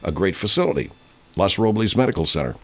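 A man's voice: deep voice, sing-song, fast talker. A man over fifty, a radio host, telling a rambling, profane story in casual chat and putting on voices when he quotes people.

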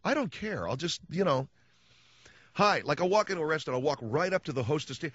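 A man's voice: on the high side, lively intonation, brisk, fairly bright tone, no room sound, muffled recording. A man hosting a radio talk show, telling stories in a wry, sarcastic way and acting out little quotes. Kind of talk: casual radio monologue. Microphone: studio microphone.

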